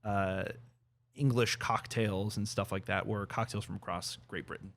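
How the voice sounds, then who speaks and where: A man's voice: on the low side, fairly even intonation, moderate pace, fairly bright tone. A man co-hosting a podcast in easygoing casual chat, often stopping to search for words. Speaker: podcast co-host.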